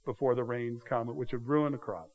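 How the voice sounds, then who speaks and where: A man's voice: mid-range voice, normal speed, low-quality recording. A man preaching an expository sermon, explaining the text in a conversational way, with rhetorical questions to his listeners. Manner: paraphrases the text with lively emphasis. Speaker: pastor.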